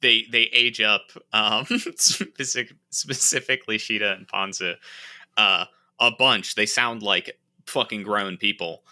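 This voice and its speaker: A man's voice: lowish voice, a little slow, bright, forceful tone. A man co-hosting a podcast who chats casually about films, often restarting his sentences with amused asides. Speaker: podcast co-host. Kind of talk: casual movie discussion chat.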